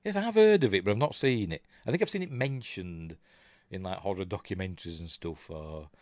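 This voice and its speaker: With a low-pitched, expressive and slightly mellow voice, an older man from Yorkshire talks a little fast on a casual live stream. Chuckling and rambling in his Yorkshire accent, he reads out viewer comments, and the recording is dry.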